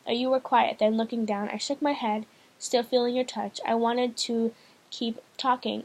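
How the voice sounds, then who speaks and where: A woman's voice: on the high side, fairly even intonation, normal speed. Hesitant woman reading a novel aloud. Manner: hesitant, frequent restarts and fillers. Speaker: audiobook reader, channel host. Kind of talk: casual first-person novel reading.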